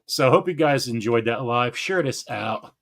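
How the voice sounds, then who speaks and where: In a casual chat on his gardening live stream, a man speaks in a mid-range voice at a normal speed. He's excitable, laughs a lot, and trips over names.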